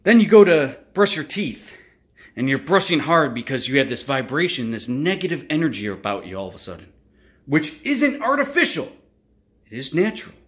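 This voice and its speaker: A man with a mid-range voice hosts his own channel, delivering a casual motivational monologue. He's animated and swears freely while acting out frustrated outbursts.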